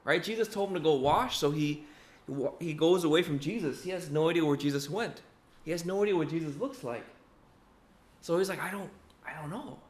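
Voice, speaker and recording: A man's voice: fairly high pitch, fairly quick. A young man giving a casual, conversational sermon, often checking in with "right?" and acting out what people said. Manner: conversational, keeps asking "right?", acts out quotes. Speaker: preacher. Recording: echoey room.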